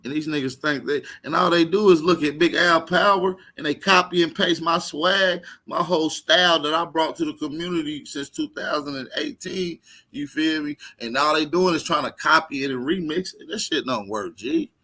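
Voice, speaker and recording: A man's voice: a little high, moderate pace, pushed and bright. A man from Texas, hosting a casual panel show and trash-talking in a brash way. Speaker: host.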